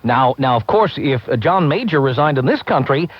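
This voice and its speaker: A man from the United States hosting a call-in talk radio show, brisk and joking as he runs the calls. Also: medium pitch, lively intonation, husky, dry recording. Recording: muffled 1990s radio broadcast.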